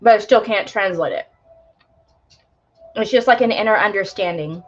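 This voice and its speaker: A woman's voice: medium pitch, normal speed, highs cut off, soft background music. A young woman giving live tarot readings, talking casually with many fillers about spiritual topics. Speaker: tarot reader.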